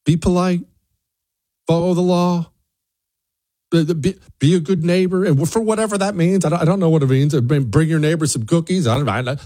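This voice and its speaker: Animated male opinion commentator. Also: mid-range voice, no room sound, clean studio sound. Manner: animated, rhetorical questions, repeats words. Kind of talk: opinion monologue.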